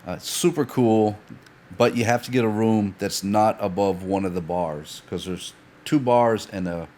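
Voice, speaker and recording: Man, low voice, lively profane storyteller, casual podcast chat. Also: a little slow, slight background noise. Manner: animated anecdote teller, swears freely, acts out dialogue. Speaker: guest.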